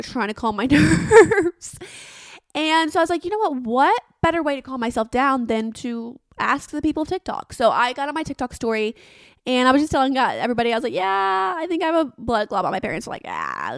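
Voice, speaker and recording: A woman's voice: fairly high pitch, vocal fry, no room sound, studio quality. A woman, hosting her podcast in a rambling, self-mocking, dramatic chat. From Arkansas. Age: 20s. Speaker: podcast host. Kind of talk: casual solo podcast chat.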